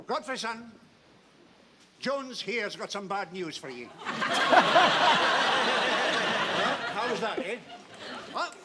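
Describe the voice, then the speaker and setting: An actor playing a canny elderly Scotsman with a Scottish accent and a drawn-out, theatrical delivery in a 1970s TV sitcom. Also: high-pitched, animated, a loud crowd, heavy background noise. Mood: sly.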